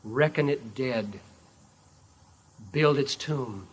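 A man preaching, voicing Jesus as a calm, commanding king in a solemn, measured way. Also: medium pitch, slightly rough.

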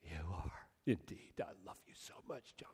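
Man voicing God, fatherly, gentle, firm, reassuring, mid pitch, long hall reverb. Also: lively intonation, unhurried. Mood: tender, firm. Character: God speaking tenderly to a beloved child.

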